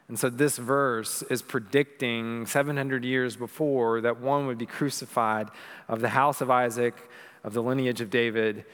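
A man's voice: mid-range voice, fairly bright tone, in a large hall. A man preaching a sermon as pastor, earnest and rising to emphatic peaks. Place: church sanctuary.

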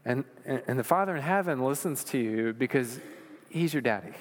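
A man's voice: medium pitch, animated, normal speed. A man preaching a sermon, joking and conversational at first, then building to earnest emphasis. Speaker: pastor. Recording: long hall reverb.

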